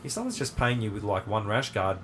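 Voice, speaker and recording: A man's voice: on the low side, very animated, a little fast, slight background noise. Laid-back Australian man, chatty podcast host. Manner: chatty, rambling, laid-back with frequent fillers. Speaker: podcast host and jiu-jitsu academy owner. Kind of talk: casual conversational interview.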